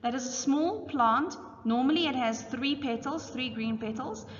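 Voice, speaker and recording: A woman teacher, reading exam questions aloud and then calmly explaining the answers. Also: high voice, normal speed, a little hiss or hum. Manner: reads questions in Afrikaans then explains in English. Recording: dull audio with long reverb.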